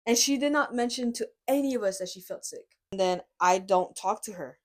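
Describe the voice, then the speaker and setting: Animated young woman telling a story. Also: mid-range voice, brisk. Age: young adult. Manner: animated, acts out quoted voices. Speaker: guest, college student sister. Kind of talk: casual storytelling chat. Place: office.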